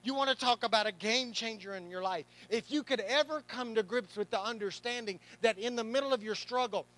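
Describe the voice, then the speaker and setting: A man's voice: very high-pitched, a little fast, a bit bright, rough recording. A male pastor preaching to a congregation in church, pressing hard with repeated rhetorical questions and slipping in playful asides. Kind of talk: sermon. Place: church service before a congregation.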